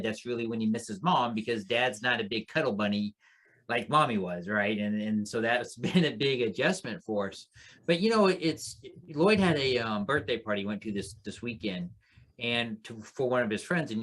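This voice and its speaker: A middle-aged man speaking as a panelist in a relaxed, conversational way. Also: fairly low pitch. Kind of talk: casual panel chat.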